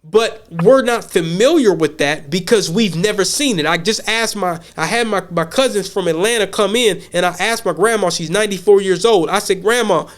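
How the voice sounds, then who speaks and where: A man's voice: sits high, normal speed, few pauses. An American man hosting a podcast, talking casually in a blunt, profane way, often repeating words as he thinks. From United States. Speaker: podcast host.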